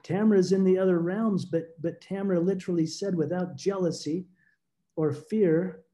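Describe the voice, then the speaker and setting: A guest author gives an interview about his own experience in a high, steady, dark voice. Earnest and introspective, he halts and repeats words while searching for them, especially when emotional.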